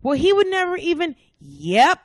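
A woman's voice: very high-pitched, normal speed, dry recording. Blunt, profane woman from the South. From American South. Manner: blunt, profane, animated storytelling. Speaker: podcast guest, comedian. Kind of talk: casual chat.

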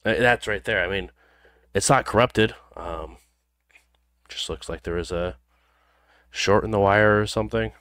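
A man narrating a tabletop role-playing game as game master, in a loose, relaxed delivery full of ums and pauses. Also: lowish voice, a little hiss or hum. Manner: loose, filler-heavy narration with frequent ums.

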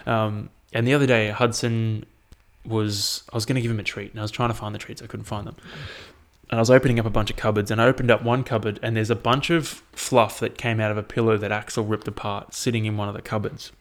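A man's voice: lowish voice, flat delivery, quick pace. A young man hosting a solo podcast, chatting casually and rambling with frequent swearing. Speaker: podcast host.

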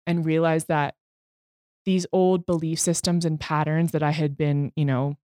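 A woman's voice: sits low, level tone, unhurried, dark tone, no echo, clean studio sound. A woman guest on a podcast, talking frankly and self-deprecatingly in a candid interview, swearing freely.

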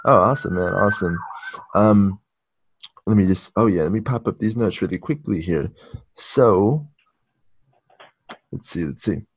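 A man hosting a casual interview podcast, relaxed and quick to laugh, with a slightly rough morning voice. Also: lowish voice, dry recording. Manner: relaxed, laughs easily, many ums. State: shaking off morning voice. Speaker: podcast host.

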